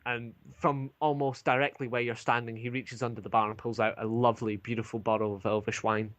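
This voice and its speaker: A man's voice: mid-range voice, flat delivery, fairly quick, a bit bright, dry recording. A man narrating an online tabletop game as game master, hesitant, with many ums and restarts.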